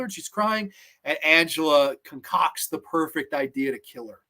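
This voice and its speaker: Fired-up guy with a kinda high voice, swearing a lot, rambling about horror flicks. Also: moderate pace. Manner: excitable, profane, rambling. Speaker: horror movie reviewer, host. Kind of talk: casual vlog commentary.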